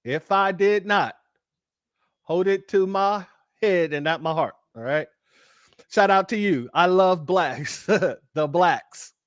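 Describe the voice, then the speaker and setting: A high-voiced man from Los Angeles talks casually to his livestream audience. He is animated and often jumps into an even higher, playful voice to quote people. The sound is dry and close to the microphone. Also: slow pace, no room sound. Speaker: livestream host.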